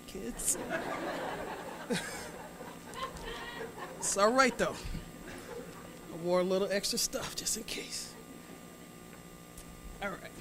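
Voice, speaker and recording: A woman's voice: mid-range voice, background noise. A woman telling a comic story from a stage in a large hall, chatting with the audience, teasing them, and acting out the dialogue. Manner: chatty, teases and prompts the audience, acts out dialogue. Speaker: guest speaker telling a story.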